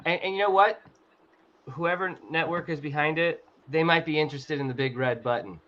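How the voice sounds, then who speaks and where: A man's voice: on the high side, fairly quick, fairly bright tone. Laughing male host, dull muffled audio. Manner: laughing, loose and profane. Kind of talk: casual live chat.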